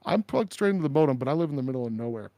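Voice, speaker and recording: A man's voice: medium pitch, expressive, racing, creaky, mellow, no echo. Joking, loose-talking man on a call. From Minnesota. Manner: loose, joking, swears casually. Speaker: crypto stream host. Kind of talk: casual chat. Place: home, rural.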